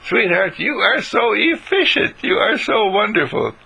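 A man's voice: sits high, sing-song, unhurried, creaky, bright, forceful tone, breathy edge, voice pushed up, exaggerated voice, rough recording. An older man voicing a doting husband who gushes with praise for his wife. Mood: adoring. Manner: gushing, effusive praise.

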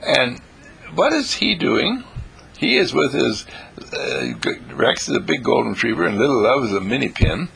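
A man with a very husky, gravelly voice gives an inspirational monologue. His pitch leaps wildly, from squeaky exclamations down to rough, low murmurs. He keeps repeating his phrases with bubbly delight. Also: huge pitch swings, moderate pace, fairly bright tone.

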